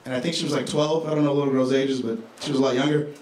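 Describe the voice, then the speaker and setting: Laid-back stand-up comic in an echoey club. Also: male voice, medium pitch, racing. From Chicago. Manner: laid-back, deadpan delivery with profane asides. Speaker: stand-up comedian. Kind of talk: stand-up comedy set. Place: comedy club stage. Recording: echoey club with crowd noise.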